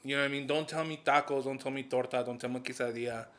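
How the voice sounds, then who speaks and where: A man from California hosts a relaxed interview, joking around and swearing easily. He drops Spanish words into his English. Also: medium pitch, racing. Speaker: podcast host. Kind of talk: casual interview chat.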